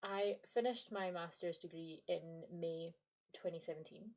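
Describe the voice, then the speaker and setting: Scottish woman in her late 20s or 30s doing a chatty podcast monologue, low-ish voice, playful and self-mocking. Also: a little slow, darkish tone. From Scottish Highlands. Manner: playful, self-deprecating, conversational. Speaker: podcast host and lecturer. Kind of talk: reflective scripted monologue.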